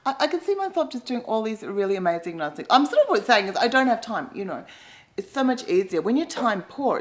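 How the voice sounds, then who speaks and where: A middle-aged Australian woman doing a rambling, self-mocking comic monologue, with sudden loud, sweary outbursts. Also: medium pitch, poor audio. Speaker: comedian and columnist.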